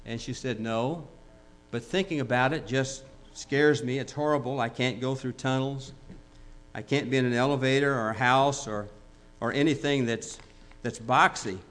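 A man's voice: mid-range voice, fairly even intonation, moderate pace, a bit bright. A man preaching a sermon, telling a joke story with quoted dialogue before moving into emphatic exhortation. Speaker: pastor.

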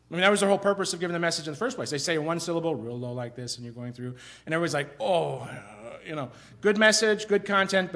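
A middle-aged man from Iowa gives a sermon in a conversational style. His voice sits a little high for a man, and he talks in an animated way, rising and dropping as he stresses points and often restarting his sentences. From Iowa, USA. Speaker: pastor.

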